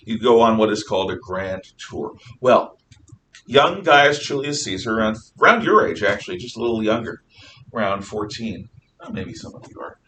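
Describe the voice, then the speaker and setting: A male teacher lecturing a class in a lively, swooping voice that sounds bright and forward. He tells the story with jokes, asides and restarts. The mic sits well back from him and a faint noise hums behind. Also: mid-range voice, far from the mic. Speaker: history teacher.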